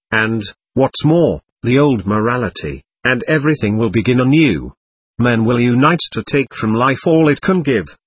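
A man's voice: medium pitch, fairly bright tone, slightly rough, no room sound, exaggerated voice. A man reading as a sly, mocking male devil who muses ironically and pities himself, in an audiobook of a novel. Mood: grandiose. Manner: ironic, theatrical, self-pitying musing.

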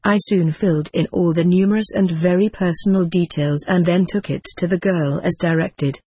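A woman narrating a first-person story in a measured, even way. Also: on the low side, breathy edge, dry recording. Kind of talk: audiobook narration.

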